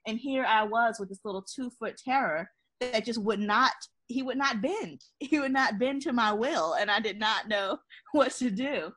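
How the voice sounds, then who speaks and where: A woman telling a personal story in casual conversation, expressive and animated, laughing often. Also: on the high side, moderate pace. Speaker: guest.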